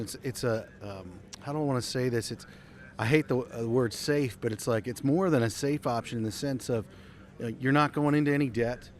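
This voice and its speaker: A man hosting a live podcast conversation, talking casually and pausing to search for the right word. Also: mid-range voice. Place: outdoor trade skills event.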